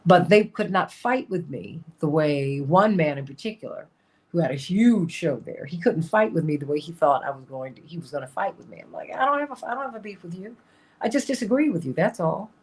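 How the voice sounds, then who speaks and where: A woman hosting a talk show, talking casually and emphatically, repeating her points and laughing often. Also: fairly low pitch.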